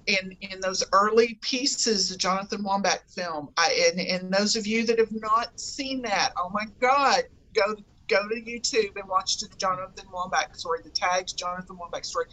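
A woman's voice: mid-range voice, sharp tone, slight background noise, low-quality recording. Emphatic woman, folksy. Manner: emphatic, repeats herself, folksy. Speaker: guest, fan group admin. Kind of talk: casual podcast chat.

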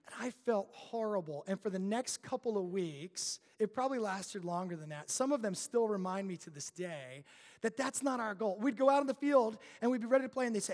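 A young adult man preaching a sermon as pastor, an animated storyteller who builds tension and then drops quiet. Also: sits high, fairly quick. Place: church sanctuary. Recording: long hall reverb.

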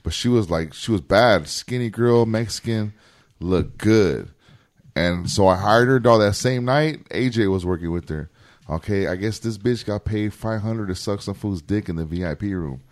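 Low voiced guy telling a story to his buddies, slangy and cussing, laid back. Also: normal speed. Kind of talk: casual storytelling chat.

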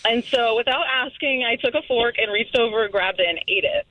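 A woman's voice: fairly high pitch, a little fast, no room sound, highs cut off. A woman calling into a radio show, rambling through a story with lots of fillers. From New England. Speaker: caller. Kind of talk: telling a story on a call-in show.

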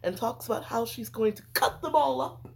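A woman's voice: fairly high pitch, normal speed, vocal fry, a little mellow. A woman telling a true crime story in casual podcast chat, with lots of "like" and "um". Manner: chatty, sprinkles "like" and "um".

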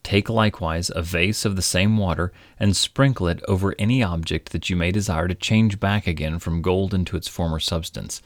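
A man voicing a calm, wise magical stranger who asks measured, probing questions in a storybook reading. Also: low voice, no echo, clean studio sound, close to an everyday voice.

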